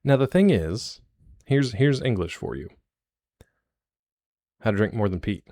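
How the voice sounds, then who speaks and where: Low-voiced guy streaming live, jokey rambling chat, dry close sound. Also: lively intonation, measured pace, dark tone, no room sound.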